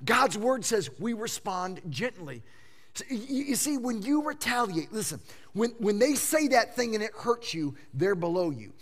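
Preaching in a sing-song manner at a moderate pace, this pastor in his fifties moves between quiet, low passages and loud, emphatic bursts. He frequently stammers and repeats words as he drives home his argument.

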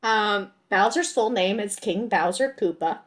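A woman's voice: medium pitch, measured pace. A woman co-hosting a casual podcast chat, explaining game trivia in a chatty, matter-of-fact way. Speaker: podcast co-host.

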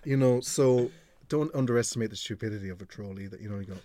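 Here the same sort of speaker, a middle-aged Irish man who presents radio, spins stories frankly and conversationally with plenty of swearing on a podcast. His voice is on the low side and mellow, and he talks fast.

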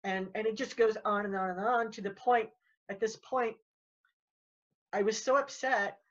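A woman's voice: mid-range voice, steady tone. Woman, guest in casual chat, rambling, repeats herself, dull lo-fi sound. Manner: rambling, repeats words, talks fast when worked up.

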